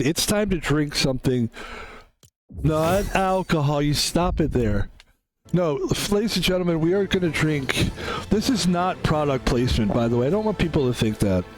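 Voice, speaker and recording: A hoarse man whose voice is still recovering, rambling chattily while he streams a game. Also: fairly high pitch. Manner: rambling, chatty, self-mocking. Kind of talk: casual live-stream chat while gaming.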